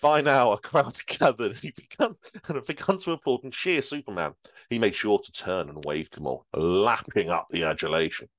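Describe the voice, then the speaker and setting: A man's voice: lowish voice, expressive, fairly quick, a bit bright, no room sound. A man hosting a casual podcast, chatting and reading stories aloud, often laughing and making asides about himself. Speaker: podcast host and reader. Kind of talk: casual chat and story reading.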